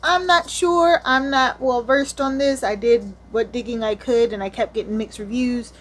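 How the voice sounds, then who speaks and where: A woman's voice: a little high, fairly even intonation, normal speed, a little hiss or hum. A woman reviewing a manga, retelling the plot in a casual, slangy style with candid asides.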